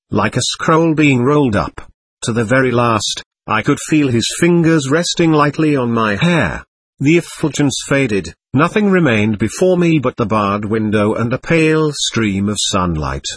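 A man reading a first-person memoir aloud as scripted narration, measured and formal. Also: medium pitch, fairly bright tone, husky, no echo. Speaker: audiobook narrator.

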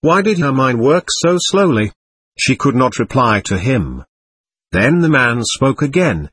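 A man narrating an audiobook in a measured, expressive way. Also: mid-range voice, husky, no echo.

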